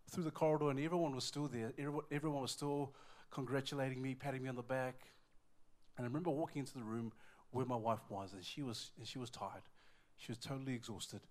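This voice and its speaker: A man preaching in a church, telling a personal story with strong emotion, repeating words and swinging between hushed and loud moments. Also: medium pitch. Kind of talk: sermon with personal testimony.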